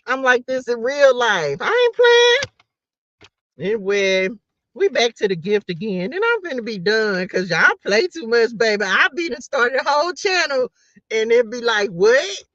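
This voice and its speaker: A woman's voice: on the high side, animated, moderate pace, a bit bright, no echo, highs cut off. A woman hosting a live tarot reading, chatting playfully with her viewers and laughing often. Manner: chatty, addresses viewers directly.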